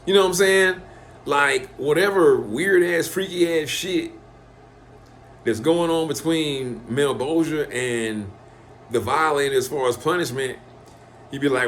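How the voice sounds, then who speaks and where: A man's voice: a little high, measured pace, slight background noise. A man, talking in a loose, profane monologue and acting out quoted lines in changed voices. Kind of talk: casual rambling monologue.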